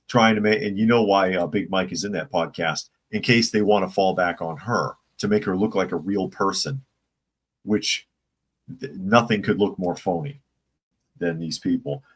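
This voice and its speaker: A man's voice: low-pitched, normal speed, husky. A man hosting a casual live-stream commentary show, opinionated and rambling, reading viewer chat comments aloud. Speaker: political commentary channel host.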